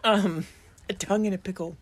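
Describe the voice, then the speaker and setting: A woman's voice: medium pitch, fairly even intonation, a little fast, slight background noise. A woman co-hosting a casual podcast chat, rambling and giggly, swearing freely. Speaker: podcast co-host.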